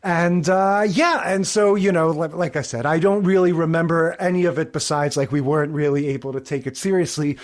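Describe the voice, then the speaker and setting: Male podcast host in his forties, high voice, chatty, self-deprecating. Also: steady tone, a little fast, few pauses. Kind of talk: casual podcast chat.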